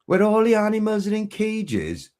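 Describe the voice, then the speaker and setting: A man voicing a deadpan male talking duck in a high, slow, put-on voice for a told joke. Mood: incredulous.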